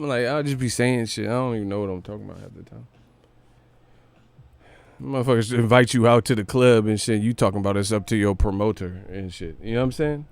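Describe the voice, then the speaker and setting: A man's voice: lowish voice, brisk, gravelly, darkish tone, clear, resonant tone, dry recording. Slangy, profane male stream host. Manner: slangy, profane, laughs often. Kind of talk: livestream commentary.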